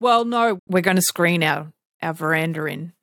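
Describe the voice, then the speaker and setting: An Australian woman co-hosts a casual podcast, telling animated stories, laughing often and imitating other people's voices. Her voice is lowish at a normal speed, with a dry, clean studio sound.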